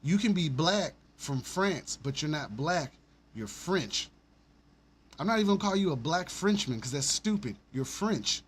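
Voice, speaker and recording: A blunt, animated man from Alabama, talking on a casual livestream. His voice sits a touch high for a man, and his speech runs fast and loose with frequent swearing. Faint noise hums behind him. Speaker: stream host.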